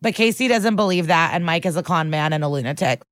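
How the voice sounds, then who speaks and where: A woman's voice: fairly low pitch, animated, quick pace, fairly bright tone, no echo, clean studio sound. A woman co-hosting a podcast, recapping a TV episode in a chatty, profane way and acting out the characters' lines. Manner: chatty, profane, acts out quotes. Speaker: podcast co-host.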